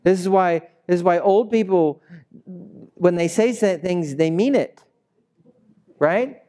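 A man's voice: high-pitched, takes it slowly, dark tone. A younger man, a pastor, giving a conversational, jokey sermon and drawing the congregation into call-and-response. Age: young adult. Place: church sanctuary with a congregation.

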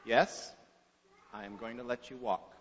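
A man voicing a calm, stern older school principal who speaks in a measured, solemn way, heard in an echoey hall on a dull recording. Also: mid-range voice, pitched below the performer's own voice. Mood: firm. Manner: measured and solemn, sometimes hushed.

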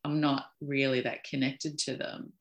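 A woman's voice: a bass voice, little pitch movement, unhurried. A woman coach in a casual podcast conversation, chatty, acting out quotes with a laugh.

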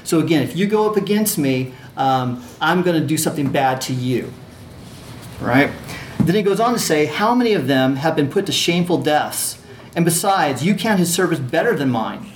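A man's voice: a little high, lively intonation, normal speed. A man teaching a class on a religious allegory, talking conversationally, repeating phrases and checking in with his listeners. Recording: echoey room with faint ambient noise.

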